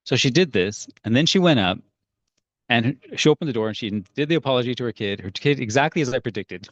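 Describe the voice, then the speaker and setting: A man's voice: medium pitch, quick pace, no echo, lo-fi sound. A man leading a parenting workshop, talking casually and telling stories, with fillers and restarts. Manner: conversational, storytelling, frequent fillers and restarts.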